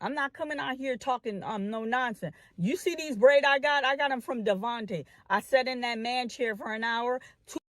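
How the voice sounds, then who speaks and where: A woman's voice: fairly high pitch, moderate pace, few pauses, fairly bright tone, no echo, studio quality. A woman commentator making an impassioned address to her online followers, repeating phrases and stalling on long "um" fillers. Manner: addresses the audience as family.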